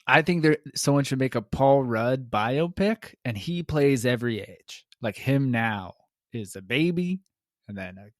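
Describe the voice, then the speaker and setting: A man hosting a podcast, chatting casually with playful, quick jokes. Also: mid-range voice, animated, no echo, studio quality. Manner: joking, playful, quick riffs. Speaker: podcast host. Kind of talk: casual conversation.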